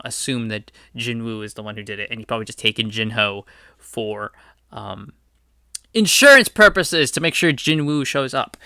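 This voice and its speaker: Man, casual comic recap, chatty with fillers, bright tone. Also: medium pitch, clean tone, no room sound, studio quality. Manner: chatty, many fillers and quick asides. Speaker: comic reviewer.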